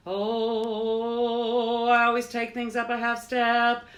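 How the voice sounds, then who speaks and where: A woman's voice: fairly high pitch, monotone, slow pace. A woman hosting a home livestream, chatting with viewers by name, laughing easily and breaking into hymns. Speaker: host of a home cooking livestream. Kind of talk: casual livestream chat with singing. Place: home with doors open.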